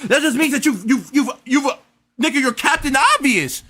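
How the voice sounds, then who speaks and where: A man's voice: very high voice, expressive, normal speed, bright, forceful tone. A man giving reaction commentary, exasperated and rambling, often stammering and repeating words. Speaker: reaction streamer.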